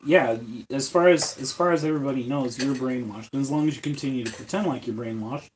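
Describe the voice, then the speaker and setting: A man running a tabletop game as game master, describing scenes with pauses, fillers and repeated words. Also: mid-range voice, slight background noise, rough recording.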